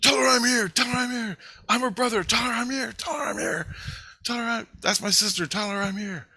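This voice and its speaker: A man's voice: very high voice, a little fast, gravelly, breathy edge, no room sound, voice pushed up, heavily acted. A man voicing the spirit of a dead young man who desperately and repeatedly begs to be noticed. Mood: frantic pleading. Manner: shouting, repeating himself desperately. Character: dead young man's spirit, frantic, shouting.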